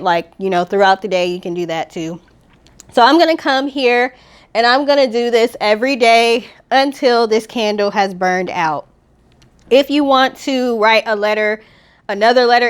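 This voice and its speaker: A woman vlogger casually guiding viewers through a spiritual healing ritual step by step, speaking affirmations slowly and calmly. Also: a little high, smooth.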